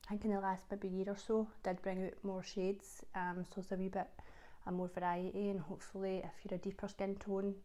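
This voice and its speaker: A woman's voice: medium pitch, level tone, a little fast, dark tone. A woman from Scotland with a Scottish accent, chatting casually to camera as a vlogger, full of fillers and repeated words for emphasis.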